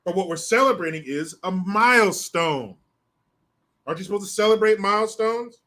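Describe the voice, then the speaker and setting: An older man hosting a solo commentary stream, talking in a profane, mocking and animated way. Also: high voice, normal speed. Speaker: political commentary host.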